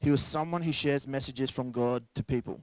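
A man's voice: medium pitch, a little fast, no echo. Casual joking young male pastor. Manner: casual, joking asides, acts out quoted voices. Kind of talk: sermon.

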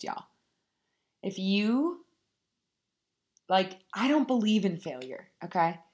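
A woman's voice: medium pitch, big pitch swings, slow pace, darkish tone. A young woman vlogging casually to her viewers, telling a story with candid swearing and frequent laughter before turning it into motivational advice. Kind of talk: casual motivational talk to camera.

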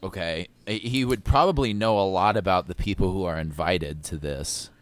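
A man's voice: deep voice, normal speed, no room sound. A man playing a tabletop game, giving thoughtful advice to the others. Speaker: player. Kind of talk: casual tabletop role-play.

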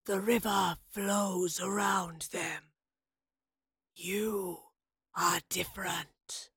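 A woman voicing an ancient hooded time guardian in an audiobook, speaking in a slow, hollow, rasping whisper. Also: fairly low pitch, level tone, a bit bright, dry recording, clean studio sound, exaggerated voice. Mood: cold menacing. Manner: slow, measured, menacing. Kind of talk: audiobook narration.

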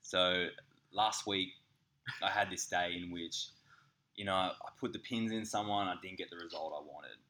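A man with a very low voice talks in a relaxed podcast chat. He tells frank, sweary stories and mimics other people as he goes. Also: moderate pace. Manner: candid, sweary storytelling with lively impressions. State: slightly sick. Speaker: podcast co-host. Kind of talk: casual chat.

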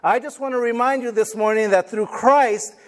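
Male pastor with a high voice, animated, dramatizes quoted voices while preaching. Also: normal speed. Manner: call and response with congregation. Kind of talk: sermon.

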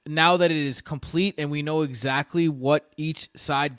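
A man hosting a casual sports podcast, ranting loudly and swearing, then dropping to a mutter. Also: a little high, steady tone, normal speed, hardly any pauses, dry recording, clean studio sound. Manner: rants loudly, swears, jumps between shouting and muttering. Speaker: podcast host.

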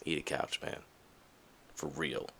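A man's voice: very deep voice, takes it slowly, gravelly, a bit bright, breathy edge. A young man hosting a podcast, talking candidly in a casual monologue and acting out the voices of people he quotes. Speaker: podcast host.

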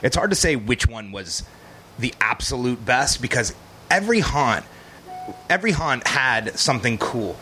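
Animated man telling a story. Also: medium pitch, moderate pace, a little hiss or hum. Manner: animated, vivid storyteller who swears freely. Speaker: movie guest. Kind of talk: casual storytelling.

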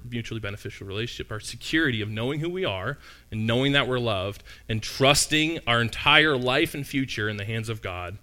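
A man's voice: medium pitch, sharp tone. A man preaching a sermon in a conversational, storytelling way, often asking the listeners questions.

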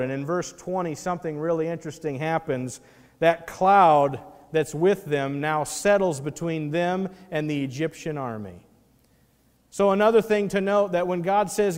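A man preaching a sermon as pastor, animated and acting out the voices in the scripture he reads. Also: a little high, measured pace, smooth, in a large hall.

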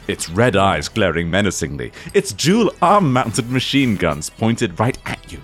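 A game master narrates a comic tabletop game in a dry, mock-dramatic way. His low voice swoops through a lively, animated pitch, and faint music plays under it. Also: a little slow, hardly any pauses.

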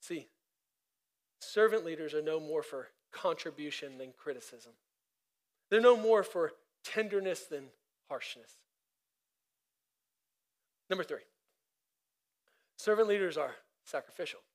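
Male pastor, high-pitched, emphatic and chatty from the pulpit. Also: expressive, a little slow, pauses often. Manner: emphatic and conversational, with repetition and side laughs. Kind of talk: sermon.

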